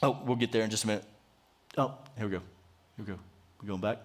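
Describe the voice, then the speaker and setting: A man's voice: fairly low pitch, fast. A man pastor preaching a sermon, retelling a Bible story conversationally, with frequent restarts.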